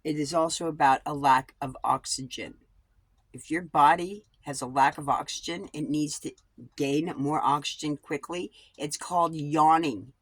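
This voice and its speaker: A woman's voice: sits low, steady tone, normal speed, husky, no echo. A woman vlogger talking in a rambling personal monologue about coping, blunt and digressive, swearing freely.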